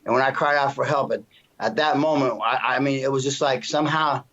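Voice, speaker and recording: A middle-aged man tells his story as an interview guest, earnest and emotional, circling back on his words as he goes. His voice sits at an ordinary pitch for a man. The recording is dull and slightly lo-fi. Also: steady tone, brisk, fairly bright tone. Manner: earnest, emotional, with frequent restarts and "you know what I mean". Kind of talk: personal testimony in casual conversation. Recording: dull lo-fi sound.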